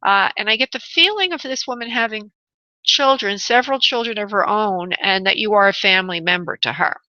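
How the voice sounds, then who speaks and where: A woman's voice: mid-range voice, brisk, pushed and bright, no echo, muffled recording. A woman hosting a call-in psychic reading, soothing and calling the caller honey and love. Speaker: psychic medium host.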